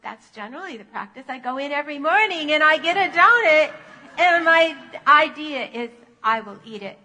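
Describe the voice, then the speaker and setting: A woman's voice: high voice, animated, normal speed, sharp tone, voice pushed up. A woman voicing a plain-spoken man who eats a donut every morning, matter-of-fact in manner. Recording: echoey church sanctuary.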